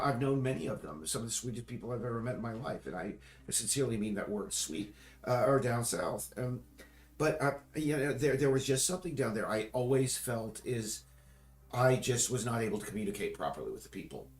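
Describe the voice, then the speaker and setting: A man at a mid-range pitch rambles through a casual livestream chat, starting over and correcting himself as he goes. His voice carries a roomy echo, as if the room around him has bare walls. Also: animated, a little fast. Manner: rambling, frequent restarts and self-corrections. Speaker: streamer.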